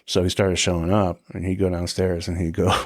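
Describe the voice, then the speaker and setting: A man's voice: low voice, level tone, a little fast, dry recording, studio quality. A man in his forties, a guest on a podcast, telling casual anecdotes with lots of swearing, acting out quotes and laughing often. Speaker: guest, tour security guard.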